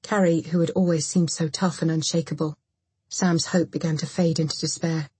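A woman narrating a thriller audiobook in an even, measured way. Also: low voice, breathy edge, no room sound. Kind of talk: scripted narration.

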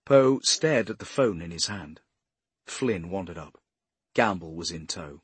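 A man narrating a crime novel as an audiobook, in a steady, measured voice. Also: sits low, husky, no room sound. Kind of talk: scripted narration.

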